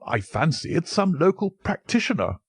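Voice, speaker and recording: Putting on a husky, exaggerated voice raised above his natural one, a man plays a cool, hearty country colonel. The pitch sits on the high side and he's very animated at a moderate pace. The audio is clean studio sound with no room ambience.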